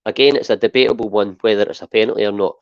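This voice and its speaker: A Scottish man co-hosting a football podcast, talking in an animated, emphatic way and often tagging points with "right?". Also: lowish voice, racing, no room sound, muffled recording. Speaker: podcast co-host. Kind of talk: casual football chat.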